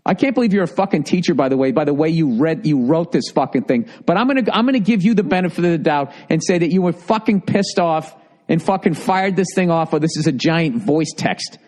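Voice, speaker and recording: A comedian hosting a podcast, ranting heatedly and sarcastically, with constant swearing. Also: male voice, a little high, expressive, a little fast, darkish tone. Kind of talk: profane comedic rant.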